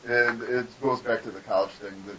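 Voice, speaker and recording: A man's voice: mid-range voice, steady tone, brisk. A man, a guest artist, telling rambling, profane stories in a casual podcast interview. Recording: distant, dull lo-fi mic with faint hiss.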